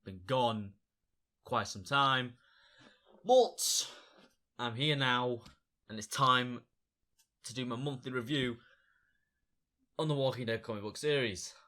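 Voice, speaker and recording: A young man talks through a comic review in a chatty, excitable way, like a fan who can't wait to share. His voice is bright and forward, sitting at an ordinary pitch. He sounds like he's at home, talking straight to his audience. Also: slow, pauses often. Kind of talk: casual video review.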